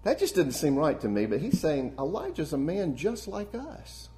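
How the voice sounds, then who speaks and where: A man's voice: on the high side, wildly swooping pitch, moderate pace, few pauses. Earnest male preacher with rising emphasis. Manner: earnest, rises to emphatic peaks then drops soft. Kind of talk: sermon.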